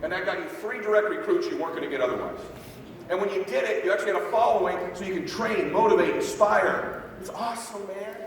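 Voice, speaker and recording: A brash, fast-talking man speaks from a stage to a sales team, a little profane and always checking if the crowd is following. His voice sits fairly high for a man and rings through a big echoing hall. It reaches the mic from far off, with a faint murmur of the room behind. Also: creaky, slight background noise. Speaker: motivational speaker. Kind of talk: live motivational talk to a sales team. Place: large hall, stage at a live event.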